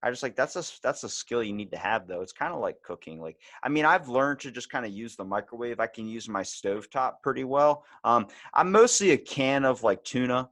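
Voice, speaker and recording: Lively Baltimore-accented podcast host. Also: male voice, medium pitch, brisk, few pauses. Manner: animated storyteller, acts out quotes loudly. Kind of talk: casual chat.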